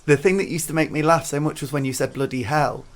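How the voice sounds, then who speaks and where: A man hosting an interview, encouraging his guest and quick to laugh. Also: a little high. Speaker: interviewer, host. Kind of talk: casual interview chat.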